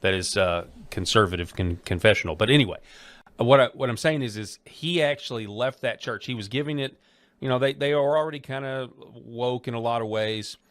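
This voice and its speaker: A man interviewing a guest in a casual, halting way, often repeating words and using fillers. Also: medium pitch, a bit bright, no room sound. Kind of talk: conversational interview.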